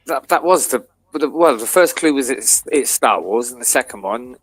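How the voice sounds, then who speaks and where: A man's voice: medium pitch, lively intonation, normal speed, breathy edge. A man co-hosting a live stream, talking casually and teasing out cryptic hints.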